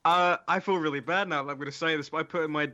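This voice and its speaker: A man's voice: a little high, fairly even intonation, racing, pushed and bright. A man joking dryly in a casual film podcast discussion. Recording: dull lo-fi mic.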